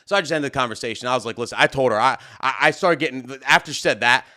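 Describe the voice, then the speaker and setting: A young man hosting a live stream, telling a heated story loudly and acting out both sides of an argument. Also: mid-range voice, rapid-fire. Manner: loud, animated, acts out both sides of the argument. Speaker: host.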